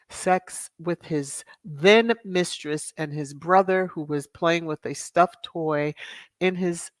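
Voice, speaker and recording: A woman's voice: deep voice, no echo. Sassy woman host, dry close sound. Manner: sassy, exasperated asides. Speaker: commentary channel host. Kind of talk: casual commentary to viewers.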